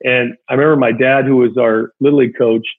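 A man, a former big-league pitcher, telling an emotional childhood story in a rambling, casual way with many fillers. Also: steady tone, quick pace. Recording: tinny phone-line sound.

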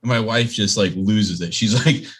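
A man's voice: on the low side, a bit bright, slightly rough. A man co-hosting a podcast who tells a funny story about his toddler in a casual way. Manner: slow, laughing anecdote telling.

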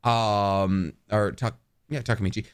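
A man co-hosting a podcast in casual chat, ranting with animated swearing. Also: fairly low pitch, a little slow, clear, resonant tone. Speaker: podcast co-host.

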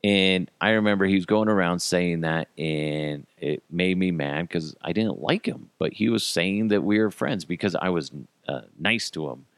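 A man hosting a podcast, telling a profane, animated story in a casual way and laughing at his own jokes. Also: sits low, moderate pace, few pauses, clean tone, no room sound. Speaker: podcast host.

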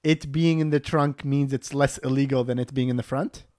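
A man hosting a casual podcast, asking quick, curious follow-up questions. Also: medium pitch, fairly even intonation, a little mellow.

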